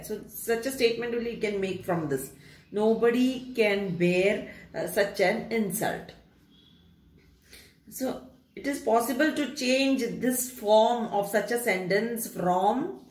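A patient woman teacher walks students through a grammar rule, saying key phrases twice and slowing down to read each example. Her voice sits in a middle register and sounds through a noticeably echoey room. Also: mid-range voice. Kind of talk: classroom grammar lesson.

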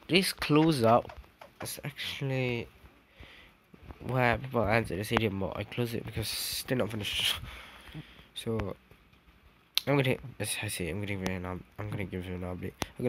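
A young man with a lowish voice rambles through a casual game tour, correcting himself and tossing in "dude". His mic picks up steady background noise and clicking. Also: normal speed, pauses often. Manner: rambling, self-correcting, says "dude" often. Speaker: gaming vlogger. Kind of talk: casual game walkthrough commentary. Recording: noisy background hiss with clicks.

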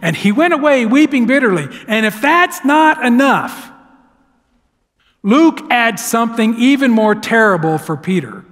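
Male pastor, high voice, preaching in a church with long reverb; dramatic swings between loud and hushed. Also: animated, unhurried. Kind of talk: sermon. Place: church sanctuary.

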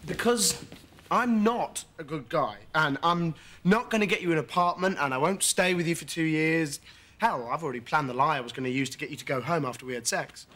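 An actor playing a wry, playful, self-mocking charmer. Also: male voice, a little high, brisk, background noise, lightly acted.

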